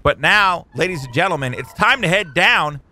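Excitable man doing game commentary. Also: a little high, normal speed, a little hiss or hum. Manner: excitable, jokey, talks to his tamed creatures. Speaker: gaming YouTuber. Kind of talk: let's play commentary.

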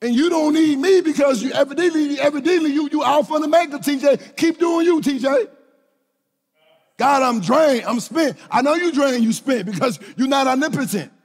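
A middle-aged male pastor, preaching a lively sermon that swings from shouts to hushed low lines. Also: a little fast, few pauses. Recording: hall reverb.

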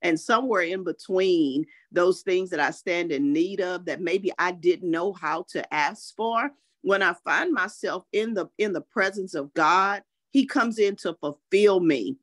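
A woman's voice: fairly low pitch, measured pace, fairly bright tone, dry recording, studio quality. A woman hosting a faith-based morning show, encouraging listeners in a preachy, uplifting way and quoting scripture. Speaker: host.

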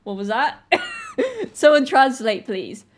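A woman's voice: high voice, sing-song, takes it slowly. A woman in her twenties from Britain, chatting casually and laughing often as she reacts to a video. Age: 20s.

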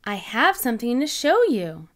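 A woman's voice: fairly high pitch, sing-song, normal speed. A woman voicing a young girl sheep in a storybook who speaks in an insistent, matter-of-fact way. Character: young girl sheep, bossy and sure of herself.

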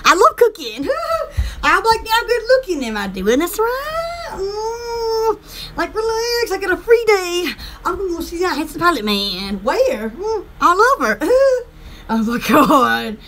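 Woman streamer, bright voice, faint noise behind, goofy rambling chat. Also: very high-pitched, sing-song, a little slow. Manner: giggly, goofy, rambling, with frequent laughter. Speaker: vlogger.

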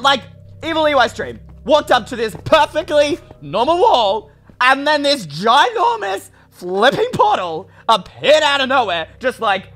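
A young man commentating a game for his channel, excitable and ranting at what happens on screen. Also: very high-pitched. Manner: excitable, shouts and rants at the game. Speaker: gaming YouTuber. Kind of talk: Minecraft let's play commentary.

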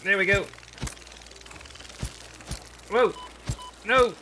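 A man commentating a survival building game as he plays, excitable and quick to yelp in panic or laugh at mishaps. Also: high voice, a little hiss or hum. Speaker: gaming channel host. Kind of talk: let's play commentary.

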